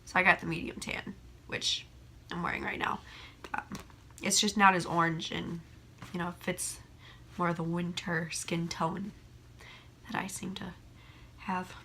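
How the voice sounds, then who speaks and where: Hoarse young woman chatting about makeup. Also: on the low side, little pitch movement, a little slow, pauses often, pushed and bright, a little hiss or hum. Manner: chatty, rambling, swears casually. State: hoarse from a cold. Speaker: beauty vlogger. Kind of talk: casual chat. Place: room by a window.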